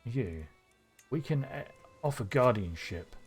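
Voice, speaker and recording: A man streaming a strategy game live, thinking aloud with excitable bursts. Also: mid-range voice, slow, slightly rough, faint music behind.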